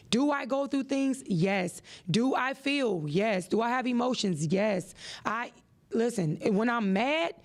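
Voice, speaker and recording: Woman host with a gravelly edge, preachy and animated. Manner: animated and preachy, with expressive rises in pitch. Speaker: podcast host. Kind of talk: motivational podcast talk.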